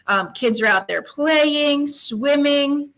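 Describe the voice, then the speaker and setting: Bright-voiced woman telling her story. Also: sits high, takes it slowly, low-quality recording. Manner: upbeat storyteller, laughs often. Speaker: guest, middle school science teacher. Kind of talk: casual interview chat.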